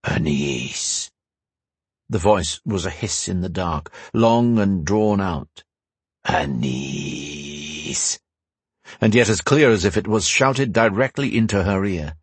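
A man reads a fantasy novel aloud with measured storytelling. His voice is low and husky, and the sound is dry and close. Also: dry recording. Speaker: audiobook narrator. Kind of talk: scripted narration.

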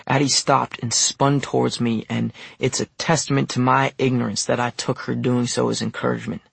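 A man narrating an audiobook in the first person, measured and wry. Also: mid-range voice, flat delivery, creaky, fairly bright tone, husky, no room sound.

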